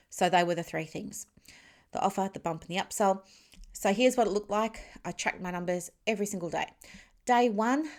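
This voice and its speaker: A woman business mentor in a solo podcast, telling her story in an animated, chatty way with laughs and asides to the listener while explaining terms plainly. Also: fairly low pitch, gravelly.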